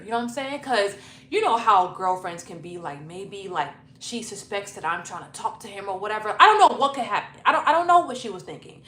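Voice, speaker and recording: A young woman dishes out a personal story to the camera, lively, chatty and unfiltered with her language. Her voice is bright and forward. It rings in a roomy space over a faint background hum. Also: medium pitch, brisk. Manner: animated, chatty, profane, laughing storytelling. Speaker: YouTube storyteller. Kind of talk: casual storytime vlog. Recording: roomy echo, faint noise.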